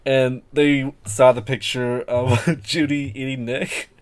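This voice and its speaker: A man's voice: medium pitch, level tone, slow. A man talking casually as a podcast guest, rambling and hesitant with many fillers and restarts. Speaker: guest artist.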